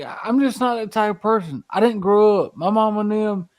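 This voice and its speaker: A man's voice: high-pitched, normal speed, few pauses. A man, hosting a casual talk show, rambling with many restarts and folksy swearing. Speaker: podcast host. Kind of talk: casual chat.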